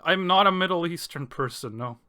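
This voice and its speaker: Bright-voiced joking young man. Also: on the high side, animated, fairly quick, clean tone. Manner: joking, laughs often. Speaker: mod developer in a Q&A. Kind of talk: casual group chat.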